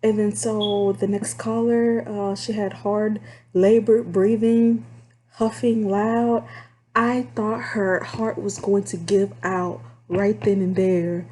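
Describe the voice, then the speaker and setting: Mellow-voiced Texan woman telling work stories. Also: medium pitch, takes it slowly. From Texas. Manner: animated, candid, drawling, swears freely. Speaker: call center fundraiser telling work stories. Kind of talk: casual storytime vlog.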